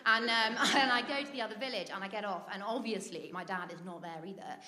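A woman's voice: medium pitch, fast, bright, forceful tone. A British woman telling a comic personal story, chatty and laughing often, acting out what people said. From Britain.

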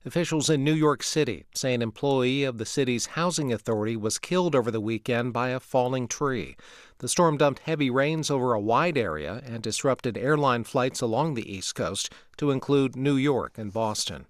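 A man at mid pitch reads radio news in a measured, steady newscaster delivery. The studio sound is dry and close, with no room echo. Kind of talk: scripted news reading. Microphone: studio microphone.

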